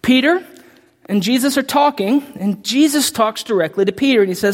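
Long hall reverb surrounds a preacher addressing a congregation in a large hall with an emphatic, impassioned sermon. His mid-range voice keeps a moderate pace as he reads scripture aloud, stumbling now and then.

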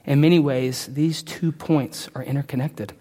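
A pastor delivering a sermon, swinging between hushed and loud, emphatic passages. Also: male voice, medium pitch, steady tone, moderate pace, big-room sound.

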